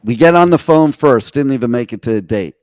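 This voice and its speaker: A man's voice: mid-range voice, expressive, brisk, darkish tone, no echo. A middle-aged man, a radio host, telling brash stories and swearing freely in a casual interview.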